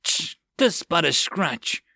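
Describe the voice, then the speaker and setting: A high, squeaky goblin, put on by a male narrator, giggling and mocking as he drags out every word. Gleefully mad even while being cut to pieces. The audiobook voice sits close and dry. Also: takes it slowly, gravelly, dry recording, heavily acted.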